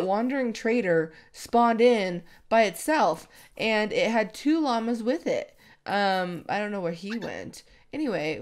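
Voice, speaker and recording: Rambling woman gaming YouTuber. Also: medium pitch. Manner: rambling, self-deprecating, with frequent laughs. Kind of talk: casual Minecraft gameplay commentary.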